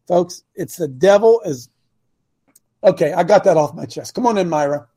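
Husky, high-voiced older man preaching. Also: animated, normal speed, dark tone. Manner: emphatic, rhetorical questions, sermon-like. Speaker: talk show host. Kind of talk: preachy call-in talk.

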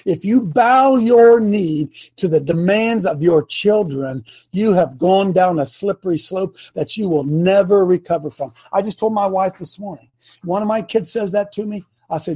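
A man's voice: high voice, moderate pace, mellow, slightly rough. An older man hosting a talk show, speaking with fiery, preachy passion and repeating phrases for emphasis. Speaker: host. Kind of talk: impassioned political talk.

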